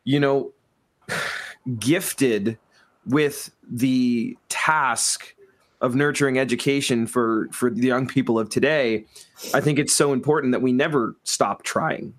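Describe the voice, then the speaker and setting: A man's voice: mid-range voice, slow pace. Earnest rambling male podcast host. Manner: earnest, rambling, many restarts. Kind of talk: casual interview chat.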